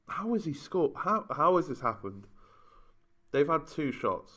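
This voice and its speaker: A man's voice: on the high side, sing-song, slow pace, pauses often, pushed and bright. Exasperated man moaning over a game. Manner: moaning, exasperated running commentary. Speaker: gaming YouTuber. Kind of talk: casual let's-play commentary.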